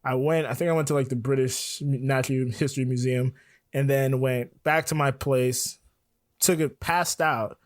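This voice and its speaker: Relaxed man from Florida spinning a yarn. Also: medium pitch, normal speed, no echo, clean studio sound. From Florida, USA. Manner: laid-back, laughs often, acts out dialogue. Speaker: podcast guest. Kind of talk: casual storytelling.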